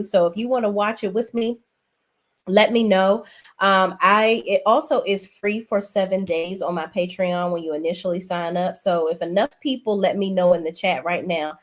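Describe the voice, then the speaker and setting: A woman hosting a casual livestream, talking to viewers at a desk mic. She keeps it sassy and chatty, with a voice of ordinary middle pitch. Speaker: livestream host.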